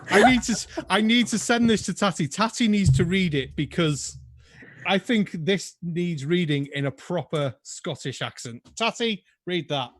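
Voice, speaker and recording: A man's voice: sits high, expressive, normal speed, a bit bright, no room sound, clean studio sound. A man hosting a pub quiz over a video call, chatting casually with sarcastic asides and the odd swear word.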